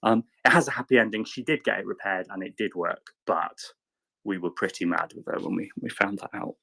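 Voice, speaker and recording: A man in casual chat, telling a rambling anecdote with lively quoted voices. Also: fairly low pitch, brisk, vocal fry. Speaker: panelist.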